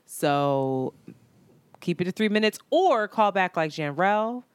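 A woman co-hosting a casual podcast, her pitch swooping up and down as she talks. She is slangy and quick to laugh, recorded close and dry with no room sound. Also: clean tone, no room sound. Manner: lively, laughs often, slangy. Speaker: podcast co-host. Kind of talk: casual chat.

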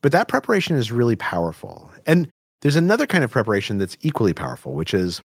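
A man's voice: medium pitch, huge pitch swings, fast talker, vocal fry, husky, dry recording, studio quality. A man from the American Southwest, a guest expert explaining communication research in a conversational interview, with frequent "like" and "right?". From Albuquerque, New Mexico, US.

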